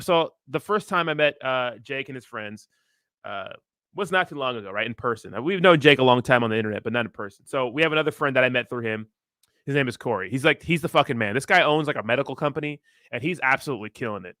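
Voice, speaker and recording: A man in his thirties rambles through a casual livestream chat, cursing freely and laughing easily. His voice sits at an ordinary middle pitch, and the sound is dry and close with no room echo. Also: fairly bright tone. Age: 30s. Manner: rambling, profane, laid-back, laughs often. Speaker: crypto streamer reading chat.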